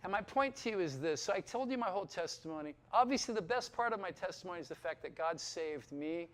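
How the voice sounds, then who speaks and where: High-voiced middle-aged pastor telling his story to students, lively, acts out the dialogue. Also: quick pace. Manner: emotional, near tears. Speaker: pastor and Bible school teacher. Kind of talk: testimony talk to students. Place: Bible school hall.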